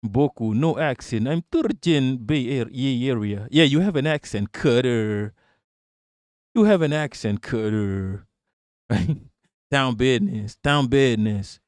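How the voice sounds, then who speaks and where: A man hosts a casual livestream, reading viewer chat and replying off the cuff with plenty of swearing. His voice sits at an ordinary middle pitch for a man. The sound is close and dry, with almost no room echo. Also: a little mellow. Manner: profane, rambling, answers chat off the cuff. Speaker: livestream host.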